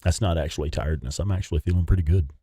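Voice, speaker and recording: A man's voice: sits low, racing, warm tone, slightly rough, no room sound. A young man, chatting casually with viewers while livestreaming a game and swearing now and then. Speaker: livestream gamer.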